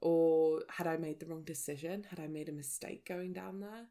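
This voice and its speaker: Woman vlogger, low flat voice with gravel, candid personal storytelling to camera. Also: moderate pace. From England. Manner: raw, reflective, searching. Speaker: spiritual vlogger.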